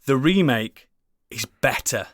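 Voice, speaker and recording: A man chatting casually as a podcast co-host, rambling and enthusiastic, swearing often and filling pauses with ums and likes. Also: mid-range voice, lively intonation, no echo, clean studio sound. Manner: rambling, enthusiastic, swears a lot, many fillers. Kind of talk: casual chat.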